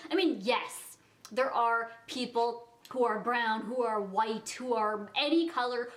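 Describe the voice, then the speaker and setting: A young woman sits in front of her camera and tells a story. She speaks with a slightly high pitch and keeps filling her sentences with "like". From Canada. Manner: chatty, fills speech with "like". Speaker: vlogger. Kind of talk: casual storytime vlog.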